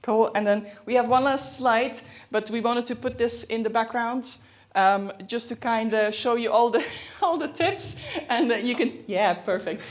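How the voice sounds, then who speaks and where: A woman giving a conference presentation in a hurried, chatty way, full of fillers and self-aware asides. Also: a little high, steady tone. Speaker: conference speaker. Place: conference hall.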